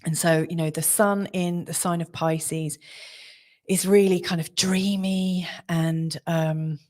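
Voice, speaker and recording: A woman's voice: on the low side, steady tone, takes it slowly, a little mellow. A young adult woman hosting a live astrology stream, talking in a chatty, rambling way full of fillers and little laughs. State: out of breath. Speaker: astrologer host of live readings. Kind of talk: casual live-stream chat.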